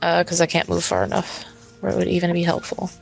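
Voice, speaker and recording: A woman playing in a tabletop game, thinking aloud in a hesitant, unhurried way. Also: lowish voice, monotone, gravelly, faint music behind. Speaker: player. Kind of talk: casual tabletop play.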